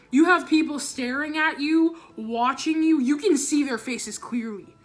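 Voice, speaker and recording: A young woman vlogger telling a storytime about school, animated and swearing, acting out what people said. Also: high-pitched, unhurried. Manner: animated, swearing, dramatic re-enactments. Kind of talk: storytime vlog.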